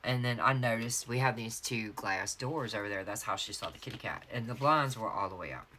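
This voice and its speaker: A woman's voice: rumbling low, a little fast, bright, forceful tone, slight background noise. A woman with a Southern US accent chatting casually to her viewers while setting up her planner and telling stories. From North Carolina, US. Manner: chatty storyteller, addresses viewers as y'all. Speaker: planner vlogger.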